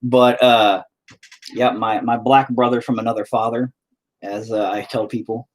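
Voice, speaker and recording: A man's voice: medium pitch, little pitch movement, a little slow. A man with a rural Southern US accent, chatting casually while he paints, rambling, profane and self-mocking. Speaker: painting video host.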